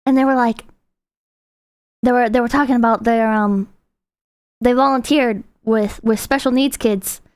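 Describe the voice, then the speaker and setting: A woman streamer chatting casually to her viewers, animated and rambling, swearing freely. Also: fairly high pitch, a little slow, long pauses, clean tone. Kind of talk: casual reaction stream chat.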